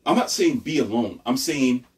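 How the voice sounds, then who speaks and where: A man's voice: medium pitch, animated, normal speed, far from the mic. A man delivering a blunt, preachy motivational monologue, emphatic and repetitive.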